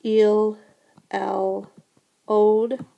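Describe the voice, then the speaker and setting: A slow, patient woman teaching a French lesson, walking through verb endings step by step. Her voice is mellow and a little gravelly, with an unhurried, steady delivery. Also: medium pitch, dull audio. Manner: slow, patient explaining with frequent "so again" and "remember". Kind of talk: recorded classroom lesson.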